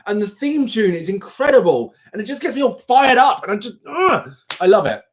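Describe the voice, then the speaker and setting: A young man hosting a livestream, chatting casually with viewers in an animated, rambling way. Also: high-pitched, a little fast. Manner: chatty, animated, self-interrupting. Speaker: livestream host. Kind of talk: casual live chat with viewers.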